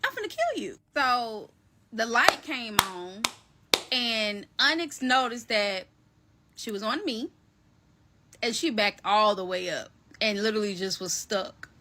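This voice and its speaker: A woman telling a personal story to her viewers in a casual, animated, slangy way, calling them y'all and baby. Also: mid-range voice, a little slow, slight background noise. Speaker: storyteller recounting a personal event.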